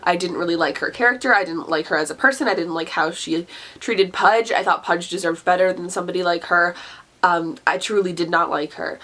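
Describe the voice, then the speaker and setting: A woman's voice: on the low side, a little fast, fairly bright tone. A young woman chatting in a casual book review vlog, gushing and chatty, with many fillers and restarts. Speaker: booktuber.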